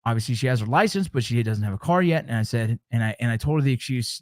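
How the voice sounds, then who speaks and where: A man's voice: mid-range voice, lively intonation, fast talker, hardly any pauses, dry recording, clean studio sound. A middle-aged man hosting a show, talking to his listeners in an earnest, heartfelt way, with repeated words and restarts. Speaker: show host. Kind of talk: casual motivational talk to listeners.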